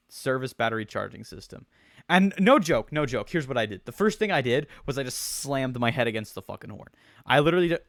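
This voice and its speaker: A man's voice: medium pitch, a bit bright, dry recording, clean studio sound. A young man telling a rambling, slangy story with many restarts and swearing, as a streamer. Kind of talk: casual storytelling rant.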